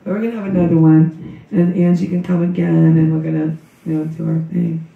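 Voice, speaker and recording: Hoarse grieving mother, distant and echoey. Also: lowish voice, flat delivery. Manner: rambling, emotional, halting. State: hoarse with a cold. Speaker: grieving mother giving a memorial tribute. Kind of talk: spoken memorial tribute. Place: memorial service room. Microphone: recorded from a distance by someone in the room. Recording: dull, roomy, distant recording.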